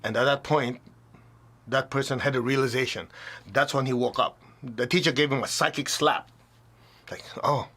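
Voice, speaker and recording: A man speaking as a spiritual teacher to a gathered audience, casual and blunt in his wording. His voice sits at an ordinary middle pitch, and he slips into the voices of people he quotes. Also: a bit bright, slightly rough. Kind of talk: informal spiritual talk to an audience.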